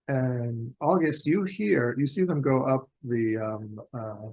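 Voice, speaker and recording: A man's voice: medium pitch, darkish tone, lo-fi sound. A man narrating as game master of a tabletop role-playing game, hesitant and full of ums. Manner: slow, hesitant, many ums.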